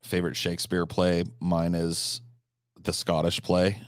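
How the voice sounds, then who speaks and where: A man's voice: deep voice, completely flat delivery, unhurried, no echo. A man chatting casually on a live stream, answering chat questions, swearing freely, with frequent restarts and fillers.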